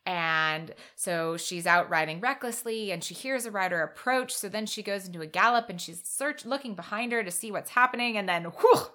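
A woman's voice: medium pitch, moderate pace, hardly any pauses, bright, forceful tone. A woman co-hosting a casual book discussion podcast, recapping the plot and weighing in thoughtfully, sometimes hesitating. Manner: thoughtful, hesitant, with restarts when giving opinions. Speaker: podcast co-host.

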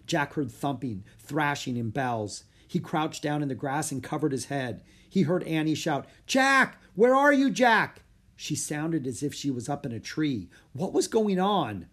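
A man reading a children's adventure book aloud, measured and slowing for suspense. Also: a little high, darkish tone, breathy edge. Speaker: audiobook reader. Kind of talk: scripted narration.

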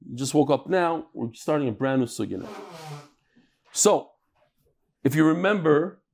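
A man from Brooklyn giving a daily Talmud lecture to a live class, animated and emphatic, firing questions and quick asides at his students. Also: medium pitch. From Brooklyn, New York. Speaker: Talmud teacher.

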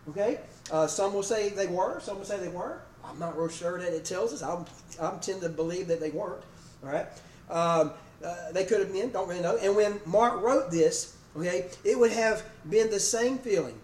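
A man's voice: high voice, darkish tone. A man preaching a sermon in a folksy way, checking in with his congregation by name and asking "okay?" and "amen?" throughout. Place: church sanctuary. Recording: echoey room, distant mic, faint noise.

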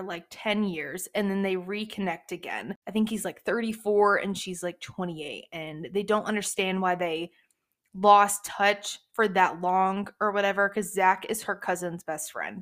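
A woman hosting a book podcast, chatting casually and gushing, with lots of fillers. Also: mid-range voice. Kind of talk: casual book review chat.

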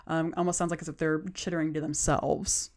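Woman in her GM chair, low-pitched voice, calm scene-setting storyteller. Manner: unhurried descriptive narration. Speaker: game master. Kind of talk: narrating a tabletop game.

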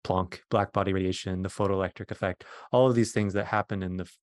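A man's voice: low voice, steady tone, quick pace, dry recording, clean studio sound. A middle-aged man, a physicist guest, patiently explaining science in plain words during a conversation.

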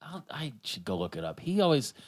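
A man's voice: on the high side, brisk. Podcast guy rambling, voice jumps all over the place, laughs a lot. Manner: animated, rambling, laughs often. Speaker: podcast host. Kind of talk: casual chat.

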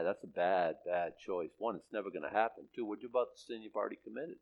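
A man's voice: fairly low pitch, lively intonation, fast talker, few pauses. A man preaching a sermon as pastor, conversational and plain-spoken, rising to emphatic peaks.

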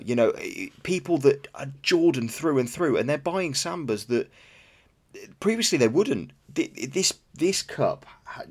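A man co-hosting a podcast, chatting enthusiastically and rambling about sneakers, swearing casually. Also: medium pitch. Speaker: podcast co-host.

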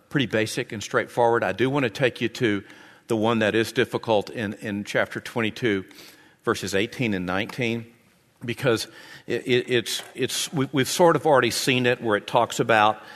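A man's voice: on the low side, a bit bright, long reverb tail. A man preaching a sermon as pastor in a church, talking in a conversational way that often repeats and restarts phrases. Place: church sanctuary.

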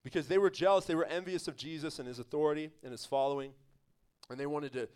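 High-voiced man preaching with emphatic energy. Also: fast, clean tone. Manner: emphatic, conversational preaching with laughs and asides. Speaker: pastor. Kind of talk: sermon.

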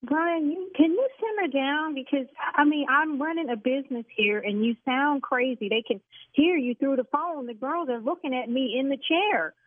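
A woman who owns a salon, arguing brashly on a phone call and getting loud and cursing. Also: sits high, normal speed, a little hiss or hum. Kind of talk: heated phone argument. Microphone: telephone. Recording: tinny phone line.

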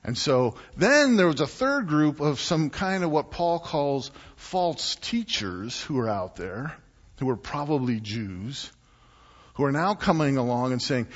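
Guy preaching in a church, lively storytelling, long hall reverb, bit muffled. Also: on the high side, a little slow. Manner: animated storytelling with acted-out quotes. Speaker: pastor. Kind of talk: sermon.

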